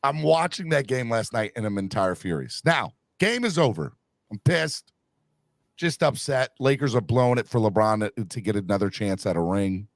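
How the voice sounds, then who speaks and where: A man with a gravelly, fry-edged voice rants through heated sports talk, his pitch leaping all over the place. He swings from low grumbles up into loud, high bursts. The sound is dry and close, with no room around it. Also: normal speed, no room sound. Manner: animated, ranting, bursts into shouting. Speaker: sports podcast host.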